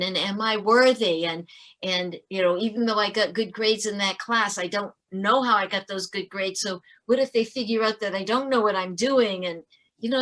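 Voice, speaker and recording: A middle-aged woman, a former teacher, telling stories as a guest in a podcast interview, earnest and animated, often restarting her sentences. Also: a little high.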